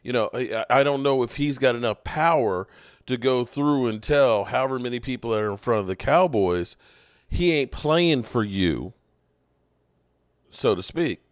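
A man's voice: mid-range voice, normal speed, no echo, studio quality. A man hosting a sports podcast, talking through his thoughts casually with frequent restarts. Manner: conversational, thinking aloud with restarts. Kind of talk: casual commentary.

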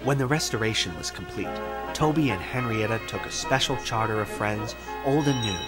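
A man narrating a children's railway story in an expressive storybook style, over background music. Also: on the low side, normal speed.

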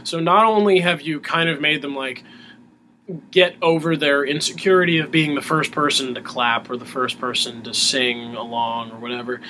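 A man, a musician guest in an interview, talking casually in a halting way with many restarts. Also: mid-range voice, steady tone, sharp tone, a little hiss or hum.

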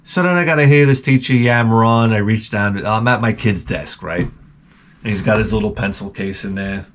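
A middle-aged vlog host from Long Island, New York, tells a rambling, profane, sardonic story in a casual monologue. His voice is on the low side at a moderate pace, with slight background noise.

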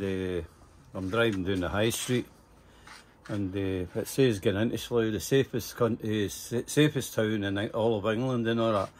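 A man's voice: medium pitch, slight background noise. Older Scottish man, rambling and profane. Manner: rambling, profane, full of "eh" fillers. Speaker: interviewee telling stories. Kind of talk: casual storytelling.

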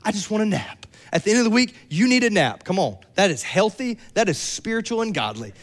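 A young adult man preaching a sermon, lively and joking with playful asides. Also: high voice, fairly quick. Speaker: pastor.

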